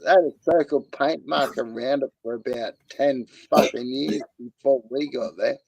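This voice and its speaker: A man's voice: medium pitch, moderate pace, creaky, darkish tone, breathy edge, dry recording, highs cut off. A man and former soldier in casual chat, talking in a crude, laid-back way. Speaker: podcast co-host, ex-soldier.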